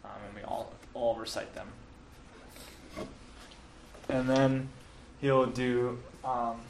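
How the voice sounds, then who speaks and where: A man's voice: mid-range voice, steady tone, takes it slowly, a little hiss or hum. A man casually walking listeners through the Mass, with fillers and self-corrections. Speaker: teacher explaining the Mass. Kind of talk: casual explanatory talk. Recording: roomy, from a distance, faint ambience.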